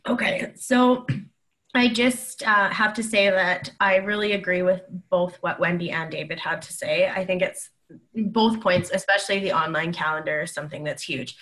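A woman's voice: on the low side, steady tone, normal speed, a bit bright. A woman on a podcast panel giving productivity advice, thoughtful and coaching in tone with frequent ums. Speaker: panel guest.

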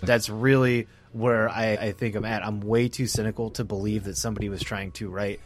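A man's voice: lowish voice, fairly even intonation, fairly quick, soft background music. A man co-hosting a podcast in casual chat, laughing often and slipping into silly quoted voices. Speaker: podcast co-host. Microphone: remote podcast mic.

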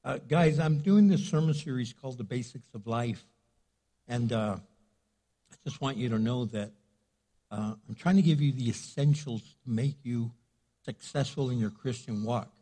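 A man's voice: mid-range voice, a little slow, mellow. An older man preaching a sermon as pastor in a church sanctuary, talking conversationally with frequent fillers.

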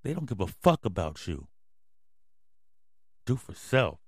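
A man's voice: lowish voice, very animated, measured pace, dry recording, studio quality. Angry, swearing male podcast host. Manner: angry, yelling, swearing constantly. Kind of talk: profane ranting commentary.

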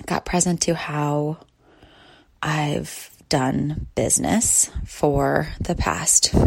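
A woman in her thirties talks from her bed in a relaxed solo podcast chat. Her voice sits low and has a gravelly fry, and she takes her time, drifting through long pauses and soft sighs. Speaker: podcast host. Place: lying in bed at home.

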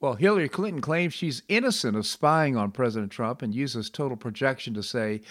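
A man's voice: medium pitch, animated, a little fast, few pauses, fairly bright tone. A middle-aged man hosting a radio talk show, reading news and giving commentary in a conversational way with frequent fillers and restarts.

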